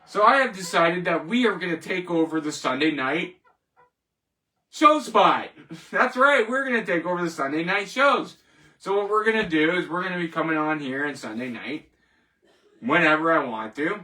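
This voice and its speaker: A male host delivering a defiant, boastful sign-off, repeating his slogans over and over. His voice is high-pitched for a man and sharp-edged. He sounds a little away from the microphone. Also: far from the mic. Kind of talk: hyped show sign-off monologue.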